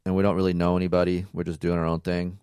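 A man's voice: deep voice, monotone, quick pace, dark tone, clear, resonant tone, no room sound, studio quality. A man co-hosting a casual podcast with his partner, giving blunt, profane advice in a lecturing way. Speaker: podcast co-host. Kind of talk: casual couple chat.

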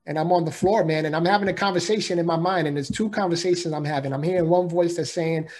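Earnest man with a higher voice. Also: steady tone, a little fast, darkish tone. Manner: earnest, emphatic, casual with "man" and "bro". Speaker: guest. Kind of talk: personal storytelling in conversation.

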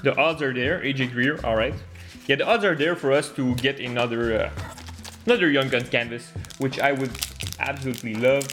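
A man with a medium-pitched voice and fairly even intonation comments briskly and casually while opening hockey card packs, laughing often and gasping and swearing loudly at good pulls, with music in the background.

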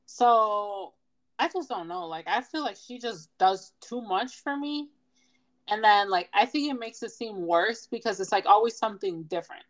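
Animated young woman telling stories. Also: medium pitch, moderate pace, rough recording. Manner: animated storyteller, laughs often. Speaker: podcast co-host. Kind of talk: casual chat.

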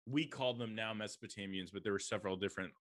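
A man's voice: lowish voice, fast, no room sound. A young man from the American Midwest co-hosting a podcast, chatting casually and quizzing his co-host with jokes. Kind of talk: casual chat.

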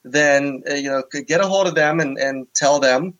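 A man appearing as a podcast guest, speaking in a hesitant way with halting restarts. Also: on the high side, a bit bright, poor audio. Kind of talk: casual podcast chat.

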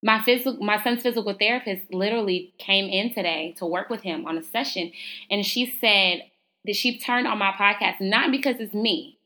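Bright-voiced woman podcasting. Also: mid-range voice, normal speed. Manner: casual, chatty and preachy, addresses listeners as y'all. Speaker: podcast host. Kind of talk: motivational solo podcast talk.

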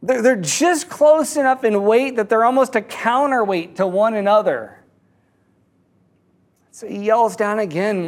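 A man with a notably high voice tells a parable in a sermon. He talks haltingly, often doubling words and restarting his sentences as he goes. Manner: halting, frequent word repeats and restarts. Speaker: speaker telling a fable.

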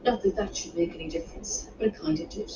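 A woman reading her own romance novel aloud in a measured, unhurried way, with the odd small restart. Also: fairly low pitch. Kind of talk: audiobook narration. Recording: roomy, distant, muffled home recording with background noise.

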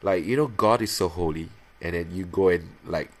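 Hosting his podcast, a man in his thirties offers a casual, rambling confession that keeps breaking off and starting over. Impressions of himself come out in high, playful voices.

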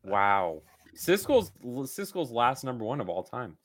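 Upbeat man giving quick film verdicts. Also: medium pitch, sing-song. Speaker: podcast co-host reviewing films. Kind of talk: casual chat.

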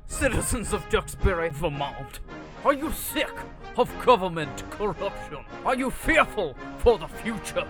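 A man's voice: high voice, very animated, unhurried. A man voicing a pompous small-town judge in a mock campaign ad, with grandiose, florid delivery. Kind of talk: mock political ad. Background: clear music.

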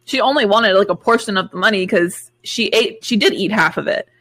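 A woman's voice: medium pitch, brisk, a bit bright. A young woman co-hosting a podcast, chatting casually in an emphatic, indignant way and swearing freely. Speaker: podcast co-host. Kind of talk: casual chat.

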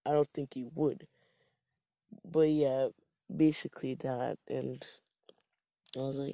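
A man's voice: medium pitch, level tone, slow, vocal fry, long pauses, dark tone, dry recording, studio quality. A man from Jamaica telling a rambling, profane, self-mocking story in a casual monologue.

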